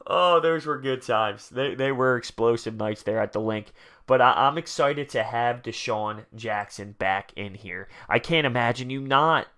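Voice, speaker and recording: A man giving excited, emphatic fan commentary on his own sports channel, often repeating lines for effect. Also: mid-range voice, clean tone. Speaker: sports vlogger.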